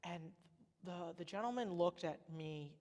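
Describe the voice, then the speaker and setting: A young woman, a former college softball pitcher and podcast guest, talking casually and telling stories with lots of "like" fillers. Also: a little slow. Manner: chatty, lots of "like" fillers, lively storytelling. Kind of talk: casual chat. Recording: long echoey reverb.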